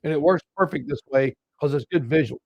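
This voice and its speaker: A man's voice: fairly high pitch, brisk, gravelly, no room sound. Male live-trading host, casual and chatty, keeps calling viewers "guys", dry dull lo-fi sound. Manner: casual, talks to viewers as "guys", walks through chart levels. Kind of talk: live market commentary.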